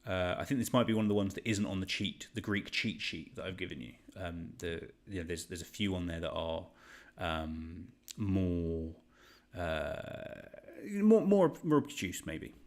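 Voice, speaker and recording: A man's voice: deep voice, fairly even intonation, moderate pace. A man around thirty, hosting a live online quiz in a chatty, rambling, joking way. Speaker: quiz host.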